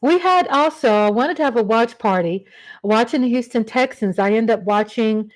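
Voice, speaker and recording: At a normal speed and a fairly high pitch, a woman chats her way through a casual livestream, rambling on and greeting viewers by name.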